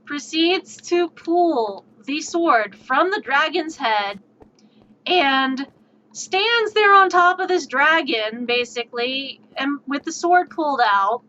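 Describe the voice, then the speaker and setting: A woman streamer telling a tabletop game story in an animated, exasperated way, swearing freely, on dull lo-fi stream audio. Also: high-pitched, slow, slight background noise.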